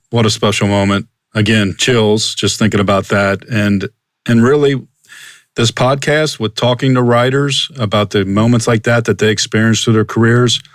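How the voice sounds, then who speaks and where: Low-voiced reflective podcast host. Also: male voice, dry recording, clean studio sound. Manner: measured, appreciative, reflective. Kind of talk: casual interview.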